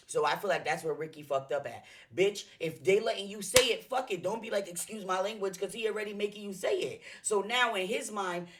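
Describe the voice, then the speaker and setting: A woman, gossiping bluntly and profanely while reacting to a stream. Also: lowish voice. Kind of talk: casual reaction chat.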